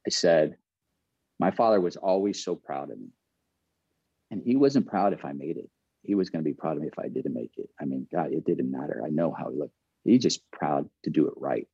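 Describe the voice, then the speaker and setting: A man's voice: extremely low pitch, brisk, slightly rough, dry recording, muffled recording. An earnest man in middle age, a former pro ball player telling a candid story, often repeating and restarting his phrases.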